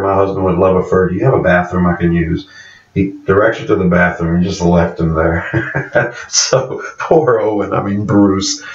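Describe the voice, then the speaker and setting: A low-voiced man gives a loose, rambling recap of a TV episode and keeps fixing the character names as he goes. He sits some way back from the mic in an echoey room, and the recording sounds dull and muffled. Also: far from the mic. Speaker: show reviewer.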